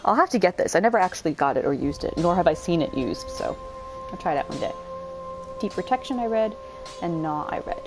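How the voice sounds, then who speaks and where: A young woman giving casual gameplay commentary, thinking aloud and pausing on fillers while she eats dinner. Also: on the low side, lively intonation, music in the background. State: eating while talking. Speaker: gameplay streamer.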